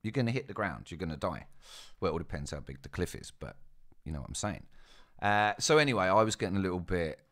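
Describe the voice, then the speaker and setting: A young man tells a casual story in a very deep, low voice. He is chatty and self-mocking, often turning to his listeners with asides. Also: very animated, fast talker, fairly bright tone. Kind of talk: casual spoken anecdote.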